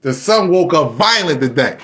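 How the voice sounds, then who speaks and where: A man's voice: a little high, sing-song, moderate pace, fairly bright tone. A man hosting a casual live stream and talking straight to his viewers. He sounds frustrated and keeps laughing about his computer freezing up. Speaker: livestream host.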